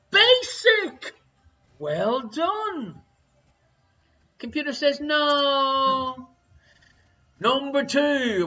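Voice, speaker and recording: A man's voice: extremely high pitch, sharp tone, lo-fi sound. An Irish man hosting a live-streamed quiz, reading out answers and teasing viewers with jokey banter. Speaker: quiz show host.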